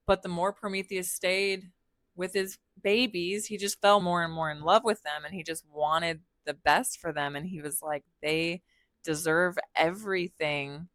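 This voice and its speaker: Young woman podcaster, low voice, slangy and irreverent, tossing off character lines, dry close sound. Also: a bit bright, no echo. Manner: slangy, irreverent, swears freely; acts out characters' lines in her own voice. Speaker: podcast host. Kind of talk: casual storytelling of myths.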